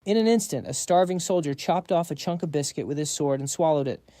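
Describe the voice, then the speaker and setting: A man's voice: a little high, brisk, mellow, no echo. A man narrating a story recap in a dramatic, breathless storytelling manner.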